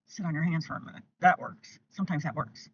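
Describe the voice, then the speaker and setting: An older woman hosting parenting advice to camera, emphatic and repetitive, sometimes acting out gentle lines she would say to a toddler. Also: sits low, fast, recorded from a distance, dull audio, slight background noise.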